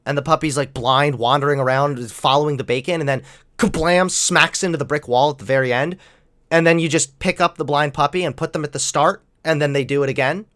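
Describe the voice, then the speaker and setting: A man's voice: on the high side, a bit bright. A young man hosting a political commentary channel, ranting sarcastically with lots of swearing and mock outrage.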